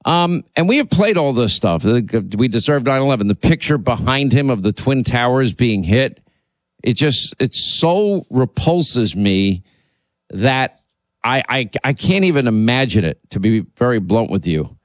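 A man's voice: mid-range voice, very animated, unhurried, no room sound. A man hosting a political radio talk show, speaking emphatically and indignantly, often repeating himself. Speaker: radio and podcast host.

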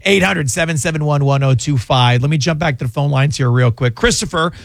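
A man hosting a talk radio call-in show as a criminal lawyer, hoarse from losing his voice, chatty and fond of quick jokes. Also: fairly high pitch, no echo. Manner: chatty and jokey, with quick asides. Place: radio studio. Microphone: studio microphone.

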